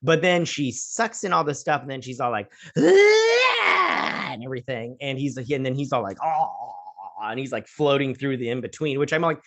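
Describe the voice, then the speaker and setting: A man's voice: mid-range voice, a little fast, few pauses. A man in his thirties hosting a casual episode recap, rambling and acting out the characters' lines in silly voices. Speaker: host.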